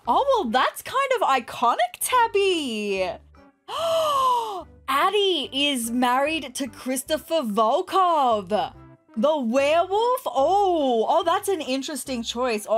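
A woman with a high, bright-pitched voice narrates a life-sim let's play as the host. She chatters excitably and gasps and squeals at each surprise. Soft music plays faintly underneath. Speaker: gaming channel host.

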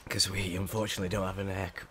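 A young English man with a low voice talks through a survival game, swearing and muttering in panic. A faint hum sits behind him. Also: little pitch movement, rapid-fire, fairly bright tone. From England. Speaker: gamer. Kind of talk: let's play commentary. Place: small hot room at home.

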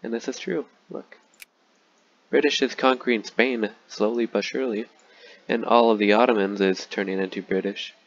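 A young man casually commenting on a strategy game he is playing, rambling and joking in a deadpan way with lots of fillers. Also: on the low side, normal speed, dull audio, a little hiss or hum. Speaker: gaming YouTuber.

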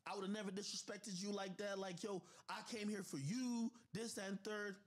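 A man's voice: sits high, steady tone, moderate pace, pitched above the performer's own voice. A man quoting a young woman in a slightly raised voice as she denies things and makes excuses. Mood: defensive. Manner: denying and making excuses. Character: young woman, evasive and defensive.

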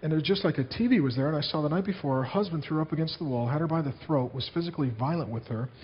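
A man's voice: a little high, rapid-fire, long reverb tail, dull audio, a little hiss or hum. A man preaching a sermon as a pastor, telling stories to his congregation in an earnest way.

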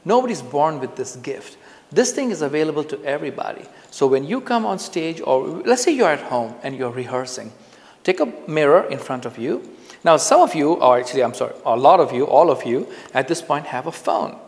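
A man speaking straight to the camera as he teaches, relaxed and chatty, often going back over his phrases. His voice sits a bit high and has a gravelly edge. The room gives it a long, trailing reverb. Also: fairly quick. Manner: relaxed, conversational, repeats phrases for emphasis. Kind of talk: casual on-camera lesson. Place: indoors, filming himself on camera. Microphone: camera mic, speaking to camera.

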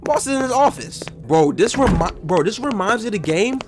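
High, excitable young man gaming. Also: normal speed, background noise. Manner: jumpy and loud, yelling and trash-talking. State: out of breath. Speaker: gaming YouTuber. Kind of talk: excited horror game commentary.

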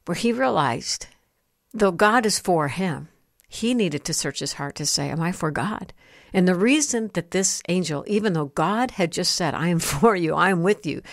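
A middle-aged woman speaks in a low, earnest voice, sharing her testimony like a short sermon. She slows down on the key phrases to let them land. The recording is dry, with no room sound. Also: dry recording. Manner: earnest, storytelling, slows for emphasis. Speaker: host and Christian speaker.

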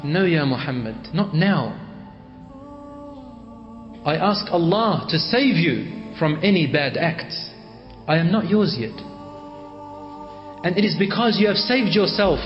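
A male preacher dramatically retelling a religious story, voicing its people in quoted speech and mixing in Arabic phrases. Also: on the high side. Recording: echoey hall, dull lo-fi sound, faint music.

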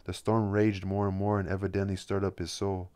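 A man with a deep, low voice reads a novel aloud. His delivery is plain and unhurried, keeping a flat, steady line through the narration. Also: clean tone. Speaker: audiobook reader. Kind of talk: reading a novel aloud, then commenting.

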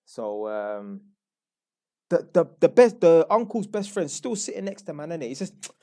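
A man's voice: on the high side, very animated, moderate pace, warm tone. Blunt slangy London man telling a story. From London, England. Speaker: YouTuber. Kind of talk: casual storytelling.

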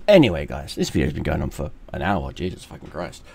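A man's voice: very deep voice, sing-song, fast, creaky, a little hiss or hum. A middle-aged man, a gaming streamer, delivering a long profane rant straight to camera. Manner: swears heavily, shouting in bursts.

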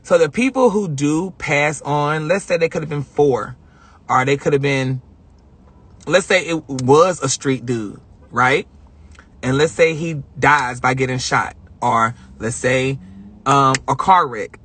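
A man chatting casually on a livestream, emphatic and animated, repeating phrases for effect as he tells a spiritual story. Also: medium pitch, unhurried, breathy edge. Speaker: vlogger.

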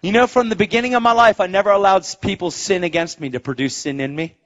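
A man preaching a sermon to a crowd, animated and excitable, swinging between hushed and loud delivery. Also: high-pitched, fast talker. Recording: dull lo-fi sound.

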